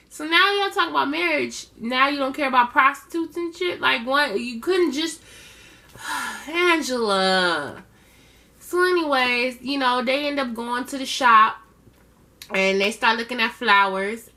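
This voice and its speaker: A woman's voice: high-pitched, expressive, normal speed, sharp tone. A woman casually recapping a reality show episode in a chatty, sassy way, with slangy asides.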